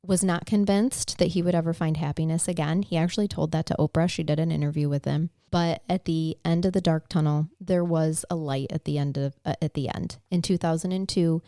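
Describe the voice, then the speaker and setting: A woman's voice: sits low, fairly even intonation, fairly quick, few pauses, mellow, no room sound, studio quality. A woman co-hosting a casual true-crime podcast, telling a case in a conversational way and getting emotional at times. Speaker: podcast co-host.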